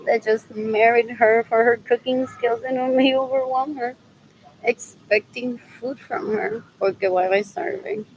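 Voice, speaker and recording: Slow, high-pitched woman rambling on a livestream. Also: fairly even intonation, slight background noise, poor audio. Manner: rambling, repeats herself while musing aloud.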